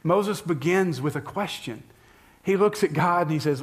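Delivering a sermon at normal speed, this higher-voiced man preaches in a conversational way. As a pastor, he puts questions to the congregation.

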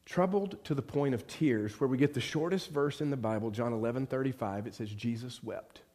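A man giving a sermon as pastor, telling a story and swinging from hushed, quiet moments to loud, fervent passages. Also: mid-range voice, brisk.

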